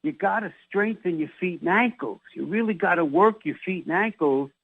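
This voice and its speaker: A man's voice: high voice, expressive, moderate pace, gravelly, dry recording. A male sports doctor with a New York accent hosting a casual radio interview, rambling and restarting his phrases. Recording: phone-like narrow band.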